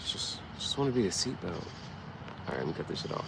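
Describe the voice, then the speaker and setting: A man ranting casually and profanely on his vlog, rambling and getting animated as he goes. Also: deep voice, quick pace, gravelly, very noisy. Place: dim room.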